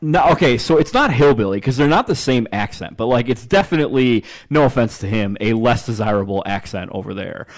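Male podcast co-host, mid-pitch, quick and profane, casual banter. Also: expressive. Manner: fast, profane storytelling. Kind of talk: casual chat.

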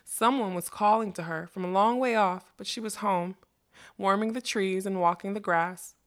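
A woman narrating a fantasy novel as an audiobook, measured and expressive. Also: mid-range voice.

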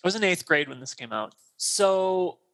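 A man's voice: high voice, lively intonation, normal speed, fairly bright tone. A man in his thirties co-hosting a podcast, recapping a film in casual chat and acting out the characters' lines. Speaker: podcast co-host.

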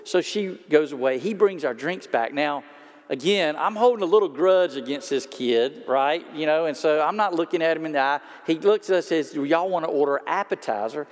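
A man's voice: on the high side, animated, moderate pace. A man, a pastor preaching a sermon in a conversational storytelling way and talking straight to his congregation. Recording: long hall reverb.

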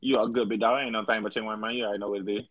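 A young man bantering and reacting loudly and profanely while gaming with friends. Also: on the low side, highs cut off, crowd noise. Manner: quick, profane, animated reactions. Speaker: gamer chatting with friends.

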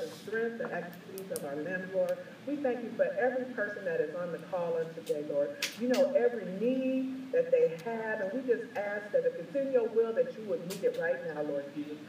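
High-voiced man praying, echoey call. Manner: fervent, repetitive invocations. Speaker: prayer leader. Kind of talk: spoken prayer. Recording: echoey, distant, noisy call audio.

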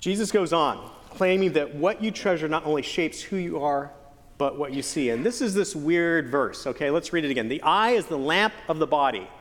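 A man preaching a sermon as pastor, earnest with playful joking asides and slow, stretched emphasis on key phrases. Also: fairly high pitch, animated, fairly bright tone. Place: church sanctuary. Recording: long church hall reverb.

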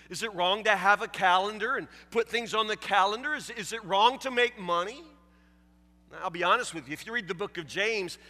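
A man's voice: high voice, bright, forceful tone, in a large hall. A man preaching a sermon as pastor, asking rhetorical questions with frequent stammered repetitions and casual asides. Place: church sanctuary.

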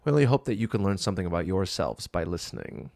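A man's voice: low voice, sing-song, quick pace, gravelly, darkish tone, no room sound. A man co-hosting a podcast, dry and teasing, swearing casually between scripted intros. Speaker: podcast co-host.

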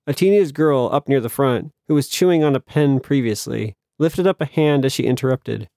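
A man narrating an audiobook in a measured storytelling manner, lightly voicing the characters. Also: mid-range voice, vocal fry, dark tone, no room sound, clean studio sound.

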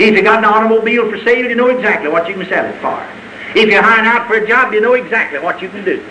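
A man preaching a sermon with an old-fashioned preaching cadence, swinging between loud, high exclamations and low, quiet asides. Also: a little hiss or hum, poor audio.

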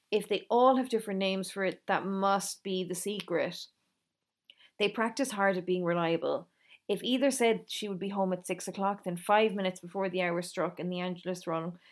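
A woman reading a novel aloud, gently voicing the characters in dialogue. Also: fairly low pitch. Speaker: reader.

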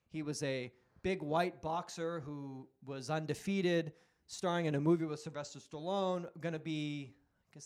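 A man in his forties chatting casually as a podcast host, telling animated stories, acting out loud quotes and swearing freely. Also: on the high side. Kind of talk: casual chat.

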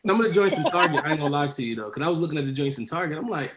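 A man hosting a casual group chat, laid-back and slangy, often pausing on fillers. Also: fairly high pitch, animated, over a noisy crowd.

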